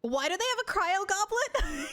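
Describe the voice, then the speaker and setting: Young woman streamer, high and bouncy voice, gushes and giggles with her chat, faint music underneath. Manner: excitable, gushing, giggly. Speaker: game streamer.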